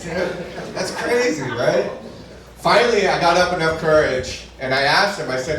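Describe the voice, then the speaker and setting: A man's voice: high-pitched, expressive, normal speed, a little hiss or hum. A man doing a stand-up comedy set on stage, telling stories conversationally and punching up his lines. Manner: conversational storytelling, shouts punchlines. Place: comedy club stage before a live audience. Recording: echoey room recorded from a distance with crowd laughter. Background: audience laughing.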